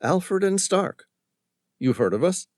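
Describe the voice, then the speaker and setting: A man's voice: sits high, very animated, slow pace, a little mellow, dry recording, clean studio sound, pitched above the performer's own voice, full character voice. A man doing a cocky Southern lawyer. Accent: American Southern. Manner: cocky, smooth-talking. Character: cocky young Southern lawyer, smug charmer.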